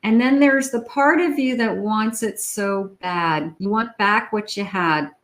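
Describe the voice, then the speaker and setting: A woman giving a tarot love reading, talking slowly and musingly to her viewers. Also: mid-range voice, rough recording. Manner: slow, musing, talks to the viewer. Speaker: tarot reader.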